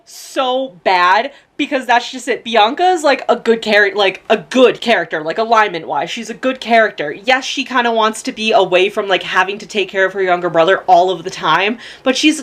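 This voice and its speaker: In her book review vlog, a young woman with a slightly high, fairly bright voice gushes and rambles, cursing freely and leaning on lots of fillers. She's on the verge of tears, laughing as she cries.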